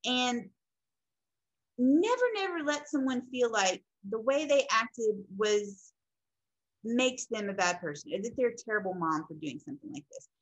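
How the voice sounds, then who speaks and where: A woman's voice: fairly high pitch, normal speed, low-quality recording. A woman lecturing on counseling in an informal teaching style, acting out quoted people as she goes. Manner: animated, acts out quoted people. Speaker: counseling instructor.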